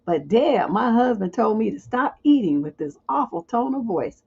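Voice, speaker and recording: A woman's voice: on the high side, big pitch swings, moderate pace, vocal fry, a little mellow, slightly rough, muffled recording. A woman hosting a livestream advice show, reading viewer questions aloud and answering them with blunt, joking frankness. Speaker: relationship advice host.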